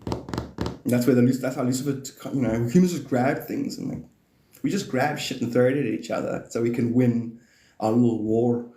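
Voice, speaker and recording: A man's voice: medium pitch, normal speed, mellow, reverberant. A man hosting a live stream, chatting in a rambling way, laughing often and swearing as he jumps between topics.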